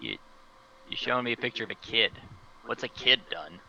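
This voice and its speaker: A man playing his character in a tabletop game, talking hesitantly with stammers and sudden leaps in pitch. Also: sing-song, a little fast, vocal fry, pushed and bright, muffled recording, slight background noise. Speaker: player.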